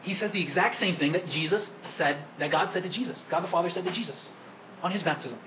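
A man's voice: high voice, fast, crowd noise, rough recording. A man preaching a sermon at Mass as the priest, asking the congregation questions and coaxing them to answer. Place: church during Mass.

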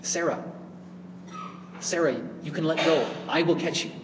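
A man's voice: a little high, a little slow, roomy sound, in a large hall, background noise, lightly acted. A preacher doing a frail old grandmother. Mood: gentle. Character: old frail gray-haired grandmother, gentle.

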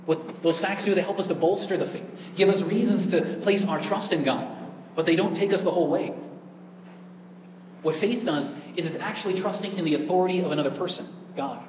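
A man preaching a homily in a storytelling way, with a voice that sits a little high. His words ring out through a large, echoey church with a long reverb tail. Faint room ambience sits underneath. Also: a little fast, darkish tone, a little hiss or hum. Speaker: priest. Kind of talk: sermon.

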